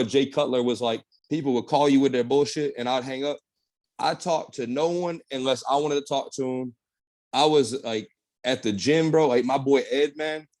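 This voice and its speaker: A man's voice: mid-range voice, dry recording. A young man, a bodybuilder guest on a podcast, telling stories casually and animatedly with lots of slang and swearing. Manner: animated storytelling, slangy, swears, says "bro" and "man" a lot. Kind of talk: casual storytelling interview.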